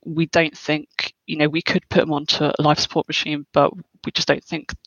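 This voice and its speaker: A young adult woman speaks as an interview guest, hesitant and reflective. She pauses often and leans on fillers while she looks back on events. Her voice sits in a dry, close sound with no room echo. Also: low-pitched, flat delivery, lo-fi sound. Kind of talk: personal interview, recounting.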